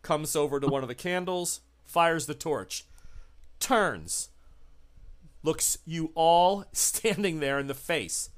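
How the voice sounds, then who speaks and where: A man running a tabletop horror game as game master, narrating scenes in an unhurried, descriptive way. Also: on the high side, expressive, clear, resonant tone. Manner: unhurried, descriptive, laughs with players.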